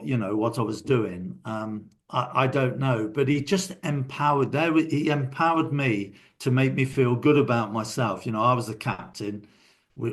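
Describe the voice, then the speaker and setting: An older man, a guest in a casual interview, telling reflective stories from his working life. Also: medium pitch. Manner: reflective, anecdotal storyteller.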